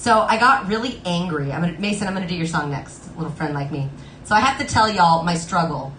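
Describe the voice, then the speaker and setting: A woman's voice: on the low side, lively intonation, fast, fairly bright tone, a little hiss or hum. A woman hosting a live stream, chatting playfully between songs and laughing often as she tells stories. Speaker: livestream singer and host. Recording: roomy sound with guitar playing behind.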